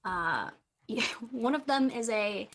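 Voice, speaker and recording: A woman running a tabletop game, narrating in a loose, casual way. She laughs often and fills pauses with "uh.". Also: a little high, animated. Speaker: game master.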